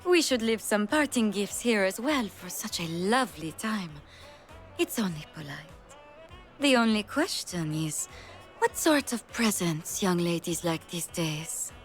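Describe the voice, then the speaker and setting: A refined, flirtatious lady, voiced by a woman with a put-on French accent. She teases gently and stays genteel. Her pitch moves lively over a faint music bed. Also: a little slow, lightly acted. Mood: teasing. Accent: fake French.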